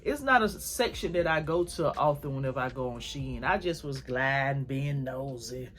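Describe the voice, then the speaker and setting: A woman's voice: extremely low pitch, expressive, normal speed, fairly bright tone. A woman vlogger chatting casually and effusively to her viewers at home while showing off home decor items. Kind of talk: casual haul chat to camera.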